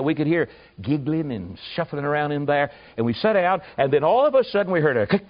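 A man preaching, telling a folksy, animated story with asides to his listeners. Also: on the high side, fairly quick. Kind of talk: storytelling sermon. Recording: muffled lo-fi recording.

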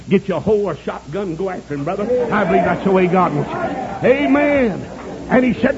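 Fervent high-voiced man preaching. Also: animated, moderate pace, crowd noise. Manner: fervent, shouts praise, folksy storytelling. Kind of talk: sermon. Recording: dull lo-fi recording with congregation.

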